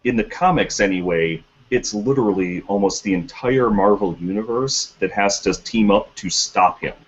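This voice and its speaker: A man co-hosting a casual podcast chat, opinionated and quick to argue his point. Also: fairly low pitch. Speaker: podcast co-host. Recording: dull lo-fi podcast audio.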